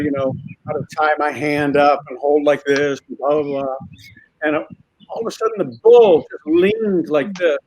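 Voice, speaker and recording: A man acting as a guest on a call, telling a set story in a lively way with quick voices for the people in it. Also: on the high side. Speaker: actor guest. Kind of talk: casual anecdote telling.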